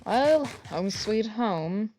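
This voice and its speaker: A woman's voice: mid-range voice, expressive, very slow, warm tone. A woman who is not a native English speaker, streaming a game in a rambling, self-mocking way and swearing casually.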